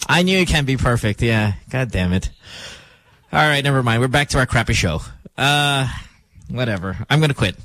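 A man hosting a morning radio show in a studio, talking casually in an animated, joking, playfully dramatic way. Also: mid-range voice, moderate pace, no echo. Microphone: studio microphone.

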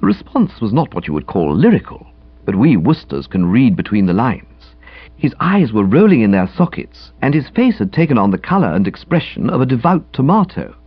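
A man narrates a comic audiobook with a breezy, chatty delivery and hugely animated pitch swings. His voice has a slightly husky edge. The recording is dry and a bit dull in tone. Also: moderate pace, no echo. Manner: breezy, chatty, highly expressive reading.

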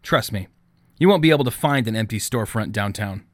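A man voicing a calm, self-assured young woman of nineteen in an audiobook, speaking in an even, composed way. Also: lowish voice, a little fast, no echo, studio quality, pitched below the performer's own voice.

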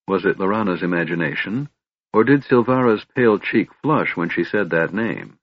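Steady male fantasy narrator, low and husky, dull dry recording. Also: normal speed, dry recording. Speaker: audiobook narrator.

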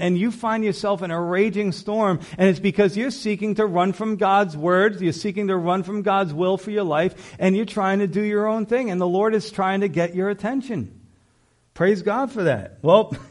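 Male pastor, high-pitched, conversational sermon delivery with acted-out dialogue. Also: darkish tone.

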